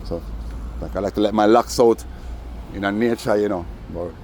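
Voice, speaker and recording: A man talks in a loose, rambling vlog monologue, his voice sitting somewhat low. He is outdoors, peppering every thought with "you know", while faint traffic hums behind him. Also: moderate pace, darkish tone. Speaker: vlogger. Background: faint traffic noise.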